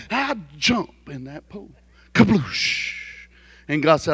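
A man preaching a sermon through folksy, joking stories, animated and lively. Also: high-pitched, moderate pace, dry recording. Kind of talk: storytelling sermon.

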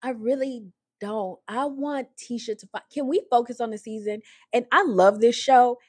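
Woman, husky, slightly high, casual recap commentary, chatty and opinionated, dry close sound. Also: moderate pace, darkish tone, no echo. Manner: chatty and opinionated, with frequent "like" and restarts; acts out the people she discusses in raised voices. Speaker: reality TV commentator.

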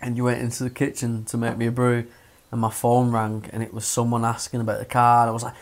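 A man's voice: medium pitch, quick pace. A young man, co-hosting a casual chat and swearing and laughing as he tells a story. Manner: animated, sweary, laughs a lot while telling stories. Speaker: podcast co-host.

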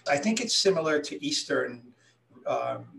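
A man in his sixties from Hawaii, a healer answering interview questions in a calm, reflective way as he tells his story. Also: a little high, measured pace, gravelly, slight background noise. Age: 60s. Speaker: guest, healer. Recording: voice a little distant from the mic.

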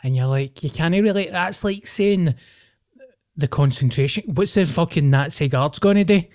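Blunt Scottish podcast host. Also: male voice, fairly high pitch, normal speed, a little mellow. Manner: blunt, swearing. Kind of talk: casual comedy podcast chat.

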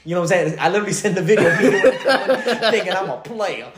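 A man's voice: high-pitched, expressive, fairly quick, echoey room, over a noisy crowd. A man in his late twenties telling a story in casual slang, laughing often as he talks. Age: late 20s.

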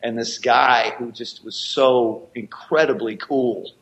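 The recording is low quality, but his medium-pitched voice comes through steady, slow and fairly bright. He's an American martial arts actor, a guest in a storytelling interview, wandering through long tales with many restarts.

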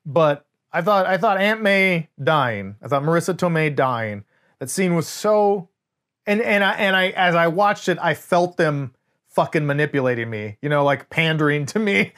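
Male co-host, slightly high voice, emphatic and profane casual film talk. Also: moderate pace. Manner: emphatic, swears freely, animated storytelling. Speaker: podcast co-host. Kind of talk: casual film review chat.

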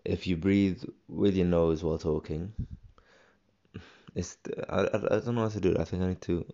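Young male podcast host, rambling and halting, deep fry-heavy voice, slightly dull recording. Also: fairly even intonation, warm tone, a little hiss or hum. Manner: rambling, halting, many restarts and fillers. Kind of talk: solo casual podcast monologue.

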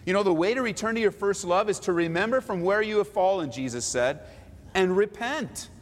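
High-voiced pastor preaching with reverb. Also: male voice, animated, a little fast. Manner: dynamic, swings from forceful to hushed. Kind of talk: sermon.

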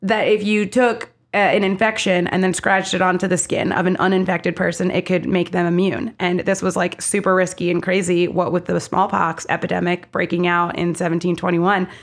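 A woman co-hosting a podcast in casual chat, chatty and animated, a little congested from being sick. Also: on the low side, brisk, hardly any pauses. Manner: chatty, animated, lots of fillers. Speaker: podcast co-host.

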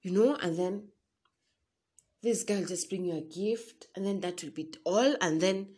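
A woman's voice: lowish voice, unhurried, darkish tone, breathy edge. A young Kenyan woman giving a casual motivational talk to her listeners, preaching and calling them sis. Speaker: vlogger.

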